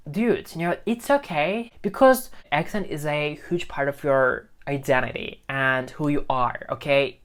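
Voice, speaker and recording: A man's voice: on the high side, fairly bright tone, clear, resonant tone. Emphatic man giving a casual English lesson. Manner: emphatic and repetitive, keeps checking in with "okay?". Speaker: English teacher and video host. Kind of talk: talking-head lesson to camera. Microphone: phone camera.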